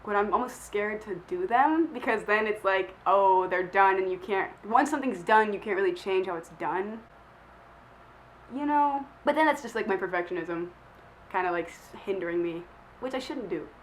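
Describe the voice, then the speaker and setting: A woman's voice: medium pitch, expressive, moderate pace, slight background noise, low-quality recording. A young woman who is feeling sick, chatting casually to camera as she answers questions in a rambling, self-deprecating way full of filler words. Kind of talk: casual chat.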